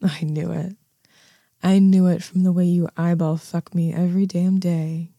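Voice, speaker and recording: A young woman in a whispered role-play, voicing a bossy, self-assured neighbor who talks in a slow, coaxing, commanding way with a breathy, half-whispered sound. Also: fairly low pitch, little pitch movement, warm tone, dry recording, studio quality. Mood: teasing.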